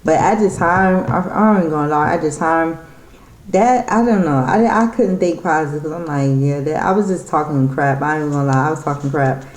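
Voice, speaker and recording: A woman's voice: low-pitched, fairly quick, echoey room. A woman telling a story in a casual vlog, rambling and irritated, with many restarts. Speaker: vlogger.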